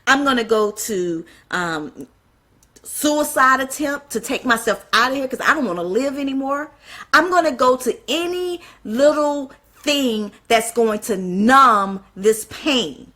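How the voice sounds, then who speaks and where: Woman preaching all fired up, bright and a bit husky, lots of "how is that gonna help me" questions. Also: sits high, a little slow. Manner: fiery, fires off rhetorical questions, apologizes for getting excited. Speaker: speaker at a church event. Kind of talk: passionate spoken sermon.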